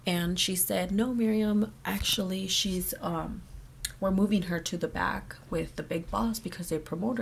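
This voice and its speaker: Chatty young woman with a gravelly voice. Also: lowish voice, a little hiss or hum. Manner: chatty, many fillers and quoted dialogue. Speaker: vlogger. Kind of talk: casual storytime chat. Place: her bedroom.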